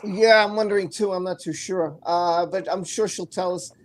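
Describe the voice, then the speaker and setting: A woman's voice: fairly low pitch, moderate pace, slight background noise. A woman with a New York accent hosting a casual livestream chat, reading out viewer comments and chatting loosely. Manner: chatty, reads viewer comments aloud, laughs easily. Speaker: host.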